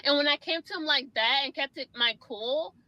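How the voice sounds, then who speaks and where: A woman's voice: high-pitched, bright, forceful tone, no room sound, dull audio. A young woman telling an exasperated storytime rant about a bad salon visit, casual and full of fillers. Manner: exasperated, quick with many fillers. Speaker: storyteller in a clip.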